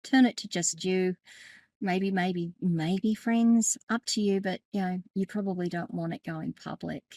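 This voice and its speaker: A woman's voice: on the low side, measured pace, darkish tone, no room sound. A middle-aged woman, walking viewers through a settings tutorial in a chatty way, correcting herself and often laughing. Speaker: tech educator and podcast host. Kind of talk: screen-share tutorial.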